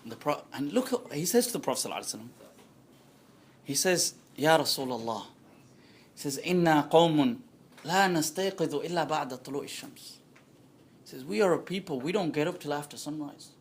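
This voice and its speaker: Male Islamic scholar, lively conversational lecturer with a higher-pitched voice, taped with faint hiss. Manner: animated and conversational, acting out quoted voices; frequent quick laughs. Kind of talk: lively lecture to a live audience. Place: indoor talk before a small audience.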